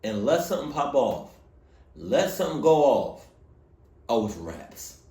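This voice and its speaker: Animated joking man, roomy echo. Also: medium pitch, measured pace. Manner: animated, joking, shouts and trails off to mutters. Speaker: reaction video host. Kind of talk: comedic reaction commentary.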